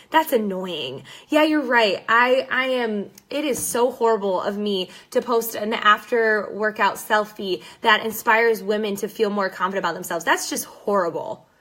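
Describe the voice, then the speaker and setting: A woman's voice: medium pitch, bright, forceful tone. A young woman coaching direct sellers in a fired-up, blunt and sarcastic motivational talk.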